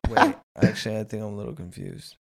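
A man's voice: lowish voice, huge pitch swings, quick pace, creaky, breathy edge. A young man in casual crude chat with friends, asking questions in a hesitant, laughing way.

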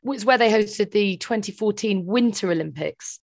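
Woman, podcast co-host, lively chatty storyteller, dry close sound. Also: mid-range voice, normal speed, gravelly, dry recording. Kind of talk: casual chat.

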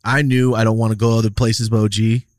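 A man's voice: lowish voice, quick pace, no echo, studio quality. A man hosting a podcast in a casual chat, telling stories and acting out quotes. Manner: animated storyteller, acts out quotes. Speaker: podcast host.

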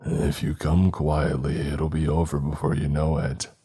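A man voicing a pale, ageless creature that eats souls, with a rasping, insidious, coaxing voice. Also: extremely low pitch, level tone, a little slow, warm tone, faint music behind, full character voice. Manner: coaxing, gloating. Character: pale, stretched, soul-eating creature, ageless and sexless.

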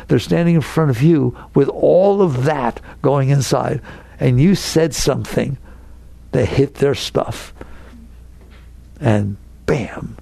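Gravelly man asking rhetorical questions. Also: on the high side, mellow, dry recording. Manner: conversational, full of rhetorical questions; teasing, challenging the listener directly. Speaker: spiritual teacher. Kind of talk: spiritual talk to a live audience.

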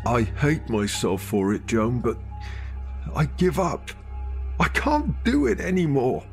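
A man's voice: mid-range voice, big pitch swings, slow pace, vocal fry, faint music behind, heavily acted. A man voicing a worn-out middle-aged uncle near tears, weary and defeated. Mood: despairing. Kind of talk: audio drama narration.

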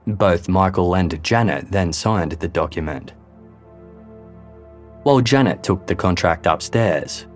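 Low-pitched male narrator, measured and grave, scripted true-crime read, soft music underneath. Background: faint background music.

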